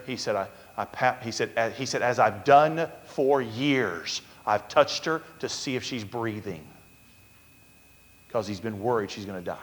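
A male pastor preaching a sermon, telling a story with sudden swings from loud urgency to a hushed, quiet voice. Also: mid-range voice, in a large hall.

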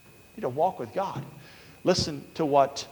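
A man's voice: on the high side, measured pace, a little mellow, in a large hall. A man preaching a sermon as pastor, telling stories and acting out the people he quotes. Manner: storytelling, acting out quotes in a raised voice.

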